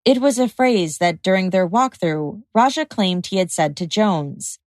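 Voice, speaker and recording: Measured woman narrating true crime. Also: mid-range voice, no room sound. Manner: measured, even reading. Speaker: podcast host.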